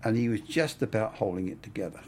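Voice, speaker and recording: A man's voice: lowish voice, lively intonation, fast, a little mellow, slight background noise. An older man, a cinematographer, telling stories in a casual interview, rambling with plenty of "I mean" and "you know".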